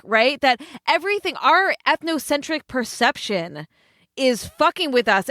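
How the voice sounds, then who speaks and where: A woman co-hosting a casual podcast chat, animated and swearing often as she acts out characters' lines. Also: high-pitched, no echo, studio quality. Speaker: podcast co-host. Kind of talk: casual chat about a TV episode.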